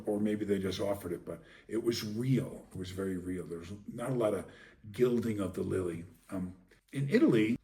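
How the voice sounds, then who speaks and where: A man's voice: lowish voice, mellow, far from the mic. A man talking casually as a podcast host, rambling with many ums and restarts. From Long Island, New York.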